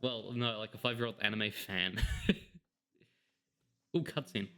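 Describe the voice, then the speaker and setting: A man's voice: fairly low pitch, steady tone, measured pace, sharp tone, soft background music. A man giving casual let's-play commentary, joking and sarcastic and laughing often. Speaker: gameplay commentator.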